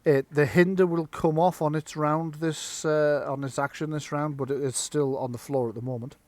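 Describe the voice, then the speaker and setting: A man narrating as game master of a live-streamed tabletop game, halting with ums while he tallies dice and describes the fight. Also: a little high, little pitch movement, a little mellow, no room sound. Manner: halting, full of ums and restarts while tallying rolls.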